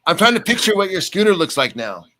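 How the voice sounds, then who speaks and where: Guy hosting a stream, gushing and repeating himself, fairly high voice. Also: big pitch swings, quick pace, rough recording. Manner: effusive, repetitive, warm-hearted. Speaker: stream host. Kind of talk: casual chat.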